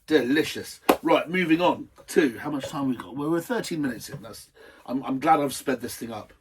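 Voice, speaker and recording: A man's voice: medium pitch, darkish tone, husky, distant mic. A man hosting a casual wine tasting, chatty and enthusiastic, wandering off into asides. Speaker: wine reviewer, host.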